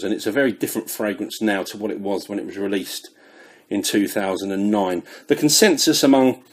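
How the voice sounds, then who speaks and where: A man's voice: fairly low pitch, darkish tone, husky. A British man reviewing fragrances in a chatty, rambling way, a little out of breath. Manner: chatty, rambling, self-deprecating. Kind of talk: casual product review.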